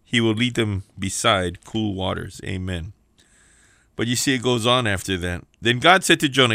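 A man preaches as a prison minister, bright and forceful in tone. His delivery is emphatic, stacking repeated phrases into rising calls. The sound is dry and close. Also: on the low side, moderate pace, vocal fry, no echo. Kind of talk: sermon.

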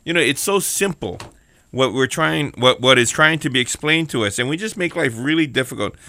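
A man's voice: mid-range voice, animated, fairly quick, sharp tone, no echo. A man with a Hawaiian accent giving a casual, joking sermon as host, chatty and playful. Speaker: church devotional host.

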